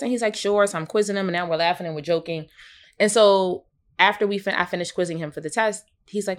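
A woman in her thirties co-hosting a casual podcast, telling a personal story expressively with big swings in pitch. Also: fast. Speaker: podcast co-host.

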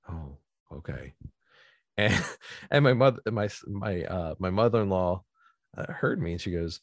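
A man's voice: lowish voice, a little slow, long pauses, no echo, studio quality. A man in his thirties telling a casual story, laughing often and acting out what people said. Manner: animated, laughs often, acts out quotes.

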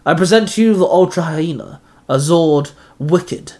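A man voicing a scheming male Duke Orc monster who speaks in a slow, drawn-out, lordly way. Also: a little high, darkish tone. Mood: lofty.

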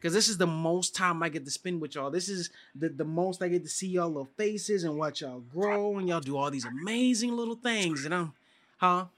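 A man's voice: high-pitched, normal speed, fairly bright tone. A man in casual chat about fatherhood, talking emotionally, laughing and using slang. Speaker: podcast co-host, father of two daughters.

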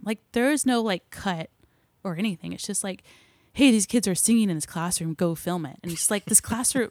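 A woman's voice: mid-range voice, dry recording. A young woman, a film crew member chatting in a casual interview, telling stories animatedly with lots of fillers.

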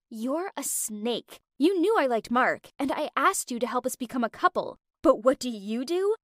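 A woman's voice: high-pitched, no echo, studio quality. A woman voicing a vindictive, jealous teenage rich girl who talks in a sarcastic, accusing way.

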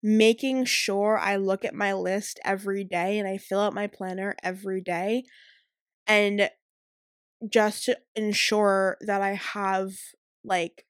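A woman's voice: medium pitch, level tone, slow pace, dry recording. Chatty college girl in her twenties telling a story, filler words everywhere, pretty dead dry recording. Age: 20s. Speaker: college student vlogger. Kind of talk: casual storytelling vlog.

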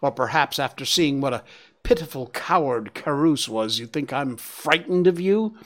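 A man's voice: medium pitch, animated, moderate pace, close to an everyday voice. A man voicing Ronno, a limping older male stag who talks with mocking contempt, in an audiobook reading. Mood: contemptuous. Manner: mocking, condescending.

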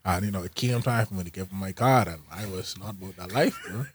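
A man co-hosting a casual podcast, telling a childhood story in a laid-back way, often trailing off softly. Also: low voice, fast, breathy edge, dry recording. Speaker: podcast co-host.

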